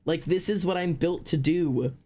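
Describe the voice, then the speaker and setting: Brief: higher-voiced man streamer, animated casual chat, lots of "like", swears freely. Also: normal speed. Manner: excitable, chatty, repeats words, says like often.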